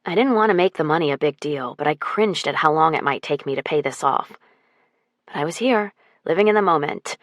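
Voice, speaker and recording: A woman narrating a first-person romance audiobook with an expressive, wry delivery. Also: low-pitched, fairly quick, no room sound.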